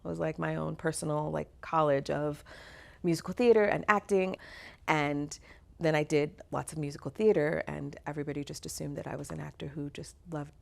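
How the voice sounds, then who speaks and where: A middle-aged woman, an actor and singer, telling stories from her career in an interview. She is animated, laughs often and acts out the voices of people in her stories. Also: low-pitched, fairly quick, gravelly. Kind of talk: conversational interview storytelling.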